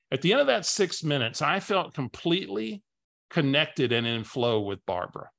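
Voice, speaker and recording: A male business coach with a bright, clear voice, presenting a webinar. He tells a story casually and often repeats words as he goes. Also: fairly high pitch.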